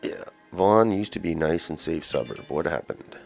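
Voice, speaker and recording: Deep-voiced blunt male commentator. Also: expressive, moderate pace, gravelly, faint music behind. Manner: blunt, rambling, mocking. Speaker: host of a daily news commentary show. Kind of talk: casual opinion commentary.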